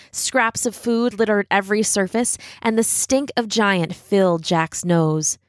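Expressive woman storybook narrator. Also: medium pitch, no echo, studio quality. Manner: expressive, dramatic slowing at tense moments. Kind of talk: scripted fairy-tale narration.

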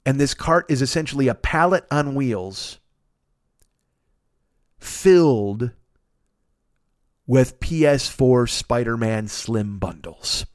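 A man telling a comic story in a podcast, animated and profane, acting out the people he quotes. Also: medium pitch, takes it slowly, long pauses, dry recording, studio quality. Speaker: podcast host.

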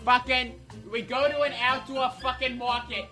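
Comedy bit: woman playing a raging, foul-mouthed guy, bright and sharp, mid-high pitch, constant cursing. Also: level tone, moderate pace, faint music behind. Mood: ranting. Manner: constant swearing, ranting, manic laughter. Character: foul-mouthed hotheaded man, self-declared psychopath. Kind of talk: comedy character monologue.

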